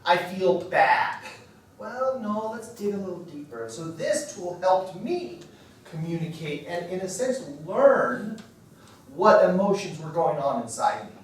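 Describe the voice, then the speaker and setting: A man's voice: sits high, animated, moderate pace, a little hiss or hum. A man in his forties leading a marriage workshop at a church, talking casually and checking in with his audience. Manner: conversational, self-deprecating, checks in with "okay?". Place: church hall. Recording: very echoey hall from far off.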